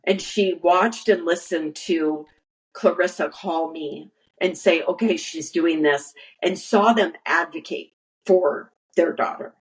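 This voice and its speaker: A woman speaks as a guest in a conversational interview, her voice sitting a little low. She talks earnestly, stumbling and restarting often, and acts out what others said to her. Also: takes it slowly, poor audio. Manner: earnest storyteller, acts out quoted dialogue, many restarts. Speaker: guest, nursery founder.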